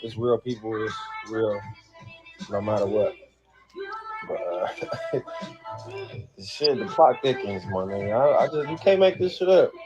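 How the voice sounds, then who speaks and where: A man's voice: on the low side, lively intonation, unhurried, long pauses, music in the background. A man talking loosely on a livestream, laughing often and swearing freely as he rambles. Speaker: livestream host reacting to family drama. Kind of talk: casual livestream talk. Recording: dull lo-fi sound.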